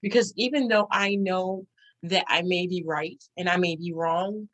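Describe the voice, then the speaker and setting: A woman hosting a podcast interview, talking in an animated, chatty way with quick bursts and frequent laughs. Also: lowish voice, dull audio. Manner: animated, talks fast, laughs often. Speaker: podcast host. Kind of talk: casual interview chat.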